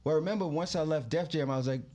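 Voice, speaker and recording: Fast-talking joking man. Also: on the high side, slight background noise. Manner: joking, animated storytelling. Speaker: podcast co-host, singer. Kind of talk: casual podcast chat.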